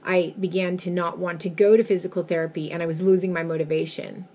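A woman vlogger telling a personal story to camera in an expressive, emphatic way. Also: on the low side, fast.

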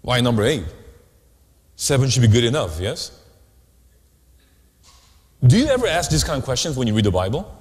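A man preaching a sermon as pastor, animated, often asking the congregation questions. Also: mid-range voice, moderate pace, long pauses. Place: church sanctuary. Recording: long hall reverb.

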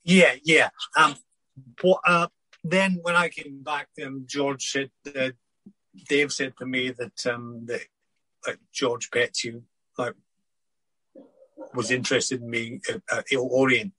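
An older former footballer, husky-voiced, recalling his career in a halting interview chat full of restarts. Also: medium pitch, little pitch movement, bright, forceful tone, dry recording, low-quality recording. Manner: halting, many restarts and repeated words.

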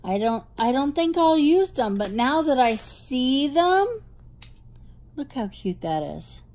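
A woman's voice: high voice, big pitch swings, slow pace, darkish tone. A woman with a New Jersey accent doing a casual show-and-tell unboxing on her hobby vlog, gushing with delight over cute little things. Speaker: hobby vlogger.

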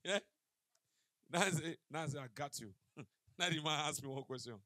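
Animated stand-up comedian, bright voice. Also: male voice, a little high, brisk, no echo. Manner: animated storyteller mixing pidgin, acting out dialogue. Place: comedy stage before a live audience.

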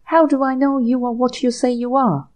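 Lady doing a nervous polite young guy in a storybook, stammery, a bit higher voice. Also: steady tone, moderate pace, a little mellow, natural voice. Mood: flustered. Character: nervous young man caught out, trying to seem dignified.

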